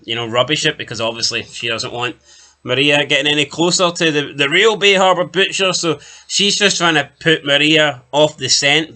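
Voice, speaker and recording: This is a chatty, joking man recapping a TV episode as co-host of a review podcast, summarizing the plot with asides. He speaks at a fairly high pitch in a bright, forceful tone.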